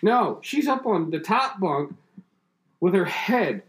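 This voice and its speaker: A man in his thirties, a podcast co-host, telling stories excitedly in casual chat with swearing and laughter. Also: high-pitched, takes it slowly, roomy sound, a little hiss or hum.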